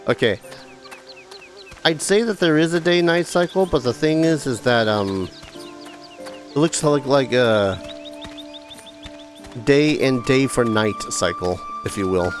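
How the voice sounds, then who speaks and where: A man's voice: mid-range voice, animated, slow, pauses often, faint music behind. Rambling male let's play host. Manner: rambling, joking asides, reads game text aloud. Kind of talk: casual gameplay commentary.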